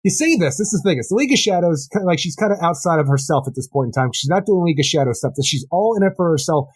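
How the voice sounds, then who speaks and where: A man's voice: on the high side, lively intonation, racing, breathy edge. A man co-hosting a comics podcast in casual review chat, eagerly summarizing and often laughing. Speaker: podcast co-host.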